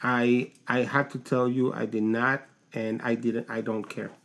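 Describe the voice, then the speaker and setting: A man co-hosting a podcast in casual chat, telling stories in a halting way with many restarts. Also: mid-range voice, flat delivery. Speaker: podcast co-host.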